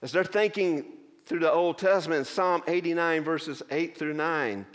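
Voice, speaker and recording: Guy preaching a sermon, a bit high voice, long church echo, earnest, lots of pauses. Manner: earnest, explaining scripture with many pauses. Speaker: pastor. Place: church sanctuary.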